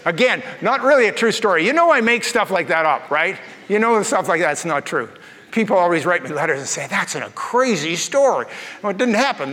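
Man with a high-pitched voice, pastor preaching in a sermon, folksy storyteller with jokes, reverberant hall. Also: bright, forceful tone.

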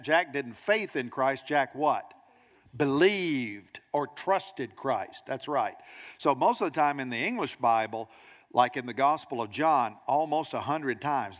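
A man preaching a sermon to a congregation, lively and direct, acting out quoted voices and asking the room questions. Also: mid-range voice, big-room sound. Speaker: pastor. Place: church sanctuary.

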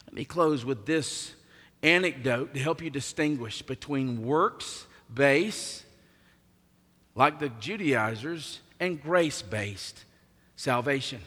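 A man's voice: mid-range voice, animated, slow, sharp tone. A man preaching a sermon as pastor, emphatic, his voice swelling and dropping in volume. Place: church sanctuary. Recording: long hall reverb.

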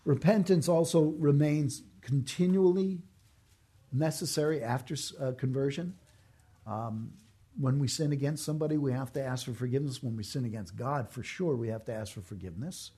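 A man preaching a sermon in a mellow, husky voice. He talks earnestly and with emphasis, repeating his main points to drive them home. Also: medium pitch, normal speed. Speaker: pastor.

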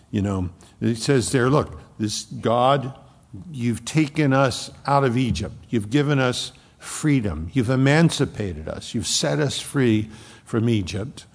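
A man preaching a sermon, expounding scripture slowly and emphatically and quoting Bible verses. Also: mid-range voice, lively intonation, vocal fry, big-room sound. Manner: slow, emphatic Bible exposition with quoted scripture.

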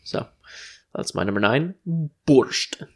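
A man co-hosting a casual chat, laid-back and joking, musing slowly. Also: on the low side, creaky, a bit bright. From United States. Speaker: podcast co-host.

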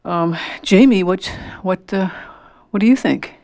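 A radio call-in host who teaches a class on tribal relations, speaking haltingly with many restarts into a close studio mic. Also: medium pitch, creaky, a little mellow, dry recording. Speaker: radio talk show host.

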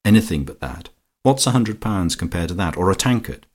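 An imperious society queen, as a low-voiced man puts her on, lifting her voice to persuade her friends. She speaks with grand, measured emphasis. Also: animated. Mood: persuasive.

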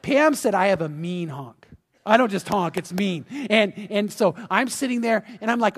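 A man with a high voice delivers a lively sermon, stumbling over repeated starts as he talks to his congregation. His voice rings with the long reverb of a church hall. He sounds unscripted and chatty. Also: a little fast. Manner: animated, conversational preaching with repeated restarts. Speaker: pastor. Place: church sanctuary.

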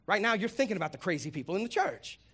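Male preacher with a high, expressive voice; comic and animated sermon delivery. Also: rapid-fire, vocal fry. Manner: animated, humorous, acts out voices. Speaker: pastor.

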